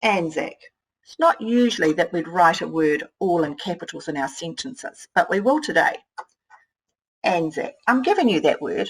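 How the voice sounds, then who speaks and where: A woman teacher, slowly sounding out words and thinking aloud as she models writing for young children. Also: on the low side, creaky, slightly rough, poor audio. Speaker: primary school teacher.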